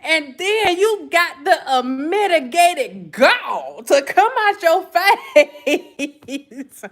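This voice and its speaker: A woman's voice: very high-pitched, sing-song, very slow, a bit bright. A woman, telling a gossip story in casual chat and laughing often. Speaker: vlogger.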